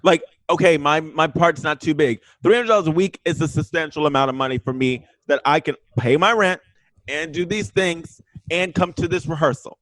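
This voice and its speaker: A man with a slightly high voice tells a story as a guest on a casual chat show. His delivery is animated and profane, and he acts out what people said, sometimes loudly. The sound is dry, with little room echo. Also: normal speed. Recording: remote link.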